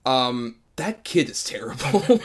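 A man talking about a film in a relaxed, chatty way, swearing now and then. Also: medium pitch, slow pace, slightly rough. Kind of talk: casual film discussion.

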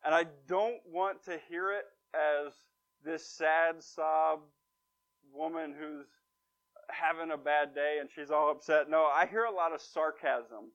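A man delivers a casual sermon, retelling an old story with dry humor and emphatic asides. His voice sits a little high for a man. The recording is dull and lo-fi. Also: fairly even intonation, slow, a bit bright. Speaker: preacher. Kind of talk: conversational sermon.

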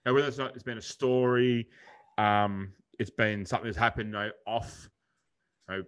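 A man's voice: lowish voice, fairly even intonation, normal speed, a bit bright, clear, resonant tone. A young Australian man co-hosting a podcast in casual chat, rambling and blokey, swearing freely. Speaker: podcast co-host.

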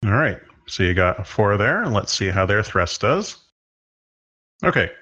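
Low-voiced man running a tabletop game. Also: sing-song, sharp tone, dull audio. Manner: unhurried, descriptive, with filler words. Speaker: game master.

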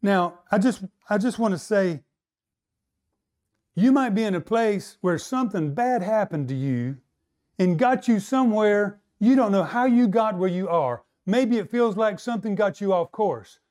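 Man, pastor preaching a sermon, fairly high voice, climbs higher and louder for emphasis, asks the crowd for replies. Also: lively intonation. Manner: rising to a higher, louder pitch to stress points, slowing on key lines.

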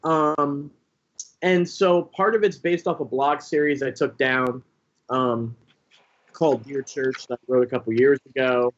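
A young man, a pastor and author, telling his story as a guest in a casual interview, animated, with many fillers and mimicked voices. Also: mid-range voice, a little slow, highs cut off. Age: young adult.

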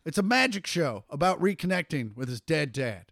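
A man chatting on a podcast, sitting a little higher in pitch than most men. He tells loose, mocking stories and swears freely. The sound is dry and close to the mic. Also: very animated, moderate pace, creaky, fairly bright tone, no echo. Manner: laid-back storytelling, swearing, mocking. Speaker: podcast co-host. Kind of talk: casual chat.

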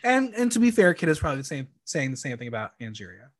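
A man's voice: a little high, very animated, quick pace. A young man hosting a podcast, recapping episodes in a chatty, campy way with frequent ums. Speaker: podcast host recapping a reality show. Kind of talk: casual chat.

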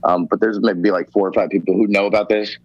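A lower-voiced man keeps a level tone and a quick pace as he rambles emphatically through a personal story on a podcast, cursing freely. There's no room sound in this casual storytelling, and the podcast audio is dull and lo-fi.

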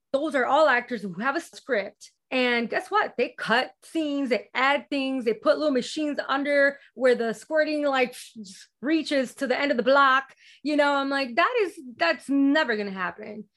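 A woman in a casual interview, telling lively stories and quoting herself and others with animation. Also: high-pitched, normal speed. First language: bilingual in Spanish. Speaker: guest.

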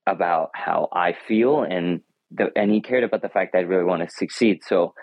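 Teenage boy, interview guest, earnest, thoughtful, low voice, dry sound. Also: dry recording, poor audio. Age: teens. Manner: thoughtful, earnest, with frequent restarts. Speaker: high school runner and guest.

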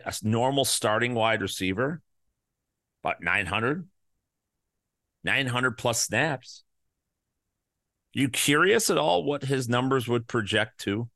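A man hosting a podcast, rattling off statistics in an animated, ranting monologue and swearing often. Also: mid-range voice, no echo, clean studio sound. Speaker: podcast host. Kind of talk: fantasy football podcast monologue.

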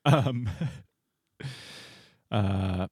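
A man's voice: fairly low pitch, extremely slow, slightly rough, no room sound, studio quality. A man, co-hosting a casual podcast, rambling and laughing often. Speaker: podcast co-host. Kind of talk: casual banter.

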